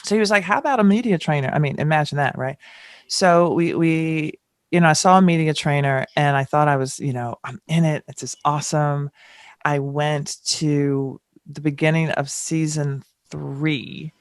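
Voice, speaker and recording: Woman from the American South, middle-aged, podcast guest, animated storytelling, dry close mic. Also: low-pitched, moderate pace, no echo. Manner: animated, acts out past exchanges with rising exclamations. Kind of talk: candid storytelling in a podcast interview.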